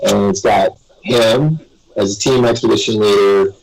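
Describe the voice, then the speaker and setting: Low, gravelly, husky man rambling on. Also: fairly even intonation, moderate pace, background noise. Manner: rambling, chuckles between stories. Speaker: guest. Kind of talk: casual storytelling on a live web radio show.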